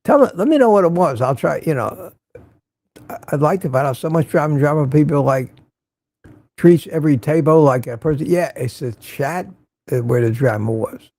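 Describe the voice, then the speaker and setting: A man's voice: fairly high pitch, expressive, moderate pace, darkish tone. An older man hosting a casual morning livestream, greeting viewers by name and making wry asides. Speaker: livestream host.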